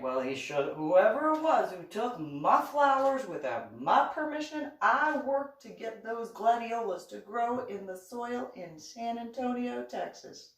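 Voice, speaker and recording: A woman vlogger telling a story in a casual monologue, indignant and animated, acting out the dialogue. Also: mid-range voice. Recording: roomy echo, voice far from the mic.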